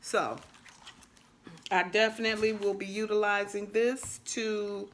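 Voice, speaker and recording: A woman chatting casually on her crochet vlog, with a bright, forward tone. She talks in a lively, animated way and keeps giving shout-outs to other creators. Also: mid-range voice, measured pace. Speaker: crochet vlogger. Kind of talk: casual chat.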